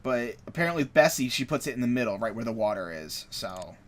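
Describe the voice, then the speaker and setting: A man's voice: medium pitch, lively intonation, brisk, slight background noise. A man giving casual commentary as he plays a game, rambling and correcting himself as he goes. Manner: rambling, self-correcting asides. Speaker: let's player.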